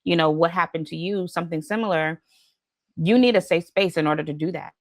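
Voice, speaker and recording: A woman's voice: lowish voice, fairly quick, dry recording. A woman hosting a podcast, asking questions and reflecting earnestly, with many fillers. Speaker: podcast host. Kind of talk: conversational interview.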